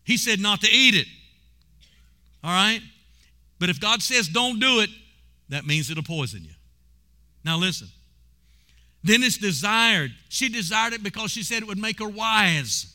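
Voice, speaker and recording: High bright preacher guy, punchy and intense, calls on the church to answer back. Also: lively intonation, measured pace, long pauses. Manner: preaching with call-and-response, rising to shouts. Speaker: pastor. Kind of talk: sermon.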